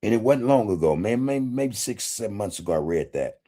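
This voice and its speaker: Deep-voiced laid-back man chatting. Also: lively intonation, brisk, warm tone. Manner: laid-back, swears freely, chuckles often. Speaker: podcast host reading live chat. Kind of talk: casual livestream chat.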